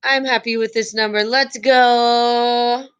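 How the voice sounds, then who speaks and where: A woman's voice: on the high side, steady tone, slow, fairly bright tone, clear, resonant tone. A woman teacher chatting with her class and reading quiz questions aloud in a live online review.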